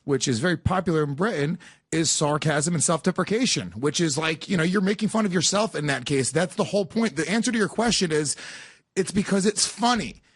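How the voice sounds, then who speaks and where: A man's voice: fairly high pitch, expressive, brisk, husky, no echo, studio quality. A man co-hosting a podcast, teasing his partner and reading listener questions. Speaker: podcast co-host. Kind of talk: casual podcast banter.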